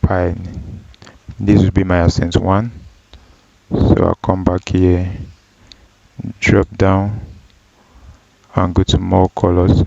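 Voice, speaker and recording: Slow, deep-voiced man walking through software. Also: monotone, gravelly, slight background noise. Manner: slow, step-by-step with frequent ums and self-corrections. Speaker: data analysis tutor. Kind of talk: screen-recorded software tutorial. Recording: dull, dry lo-fi voice track.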